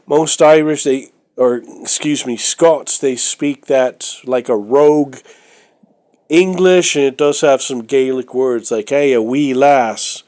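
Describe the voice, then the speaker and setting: A man with a stuffy nose talks through his collection at an unhurried, drawn-out pace, his voice sitting in a middling register. He rambles and hesitates, leaning on fillers and tossing in blunt opinions. It sounds like a casual, chatty home vlog. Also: mid-range voice, a little mellow. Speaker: vlogger. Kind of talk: casual show-and-tell vlog.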